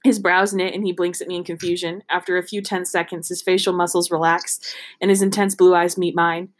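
A woman's voice: on the low side, little pitch movement, fairly quick. A woman reading a romance novel aloud in a casual, giggly way, stumbling and restarting over words. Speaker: reader.

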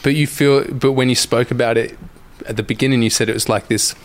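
A man's voice: medium pitch, fairly even intonation, fairly quick. A man interviewing in a casual conversation, reflective and giving frequent murmured agreement.

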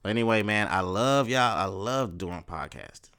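A young man hosting a solo podcast, ranting in profane, animated street slang. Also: on the low side, normal speed, clear, resonant tone. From Texas, USA. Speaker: podcast host.

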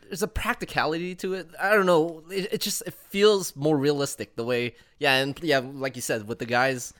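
A man in his thirties co-hosting a casual podcast about movies, animated and laughing as he talks, often restarting his sentences. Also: a little high, normal speed. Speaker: podcast co-host. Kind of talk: casual film discussion chat.

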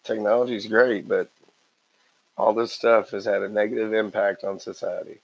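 A man's voice: on the low side, little pitch movement, normal speed, gravelly, breathy edge, poor audio. A man co-hosting a casual chat, blunt and opinionated, swearing now and then.

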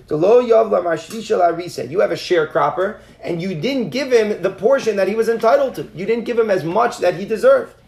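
A man with a high voice teaches a Talmud class. He reads Aramaic lines and explains them in English, and he acts out the sages' back-and-forth. His voice has a gravelly edge. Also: brisk, few pauses. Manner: acts out the rabbis' dialogue in a lively way. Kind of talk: Talmud class, reading and translating.

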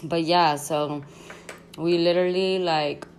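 A young woman tells a story in a rambling, slangy, excitable way, full of fillers. Her voice sits fairly low for a woman. A faint hiss of noise runs under her speech. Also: slow. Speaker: podcast host. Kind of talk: casual storytime chat.

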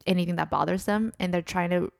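A woman's voice: fairly low pitch, fairly even intonation, quick pace, gravelly, no room sound, clean studio sound. A young woman co-hosting a podcast, explaining ideas in casual chat with lots of fillers. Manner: explains at length with many fillers. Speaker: podcast co-host.

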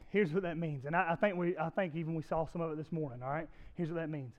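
A man preaching a sermon as pastor, emphatic, often climbing loud and high and repeating words for effect. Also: fairly even intonation, fast, few pauses, highs cut off.

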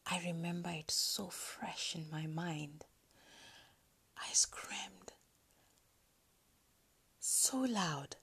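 Pausing often and speaking in a halting, hesitant way, a woman recounts something personal on her podcast. Her lowish voice is soft and breathy, close to a whisper.

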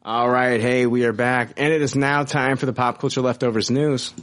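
A man's voice: mid-range voice, fairly even intonation, normal speed, fairly bright tone, soft background music. A man hosting a podcast and chatting casually about a movie, with loose, profane talk full of fillers. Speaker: podcast host. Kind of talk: casual movie review chat.

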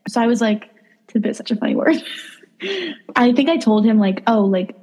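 A young woman co-hosting a podcast, telling dating stories in a casual, animated way, acting out quotes and saying "like" a lot. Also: a little high, normal speed. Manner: animated, acts out quotes, lots of "like". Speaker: podcast co-host. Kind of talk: casual storytelling chat.

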